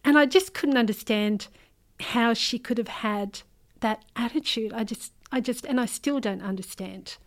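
A middle-aged Australian woman, an author, telling a painful personal story in an interview, earnest and hesitant, with frequent pauses and restarts. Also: on the high side. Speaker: interview guest, memoir author.

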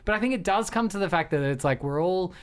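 A man's voice: high-pitched, lively intonation, fast, clear, resonant tone. A man hosting a casual film podcast, rambling and self-deprecating with many fillers and restarts. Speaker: podcast host.

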